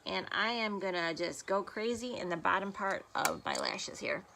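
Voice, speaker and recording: A woman's voice: mid-range voice, normal speed, noisy background. A woman beauty vlogger chatting casually through a makeup tutorial, rambling and self-deprecating, filmed on her phone at home. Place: home room, filming on a phone. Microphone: phone camera.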